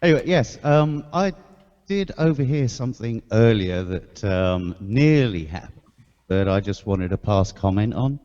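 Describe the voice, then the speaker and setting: Man, slow deliberate talk, mellow low tone, dull lo-fi sound, long reverb tail. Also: lively intonation. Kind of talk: casual group chat over voice call. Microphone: voice-chat microphone with a radio filter setting.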